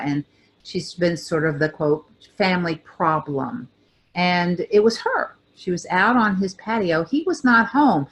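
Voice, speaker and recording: Older female co-host with a lowish voice, thoughtful storyteller who pauses and restarts. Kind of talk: reflective personal storytelling.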